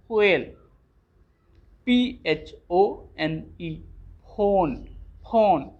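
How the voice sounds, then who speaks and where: A teacher giving a phonics lesson to young children, spelling each word letter by letter and then saying it clearly. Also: medium pitch, highs cut off.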